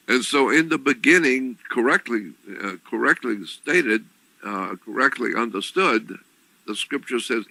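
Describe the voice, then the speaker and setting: A man giving an explanatory talk on religion, deliberate and repetitive, often clearing his throat. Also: on the low side, sharp tone, no room sound, low-quality recording. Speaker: lecturer on religion.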